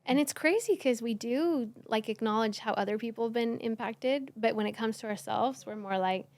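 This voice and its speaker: A middle-aged woman who works as a healing coach, talking in a casual panel conversation and turning animated and high-pitched when she gets excited. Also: moderate pace. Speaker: trauma healing coach, guest.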